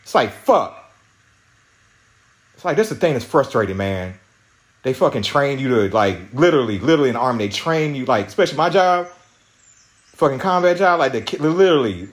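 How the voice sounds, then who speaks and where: A man's voice: mid-range voice, very animated, brisk, pauses often. A young man hosting a podcast, telling an angry story in a profane, agitated rant with many restarts. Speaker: podcast host.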